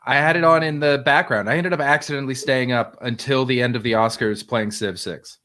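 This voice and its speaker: A man in a middle pitch chatting on a live stream. He sounds tired and freshly woken, and he tells his stories in an easygoing, unhurried way. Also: steady tone, sharp tone. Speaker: podcast co-host. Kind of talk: casual stream chat.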